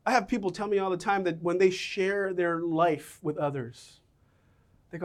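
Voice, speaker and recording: A middle-aged man preaching a sermon as a pastor, a self-mocking storyteller who swings between loud outbursts and soft, low lines. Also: steady tone, moderate pace.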